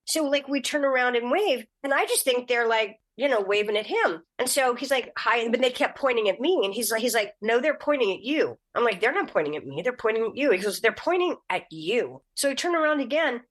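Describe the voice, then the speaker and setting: Animated storytelling woman. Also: fairly quick, few pauses. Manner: animated, acts out quotes in a high voice. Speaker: guest actress. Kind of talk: casual podcast storytelling.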